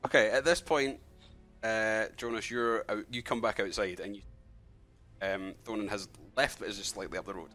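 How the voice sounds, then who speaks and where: A man's voice: fairly low pitch, steady tone, normal speed, bright, forceful tone, faint music behind. A man running a tabletop game, narrating loosely with lots of "kinda" and "like". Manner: rambling, heavy use of fillers like "kinda" and "like". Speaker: game master.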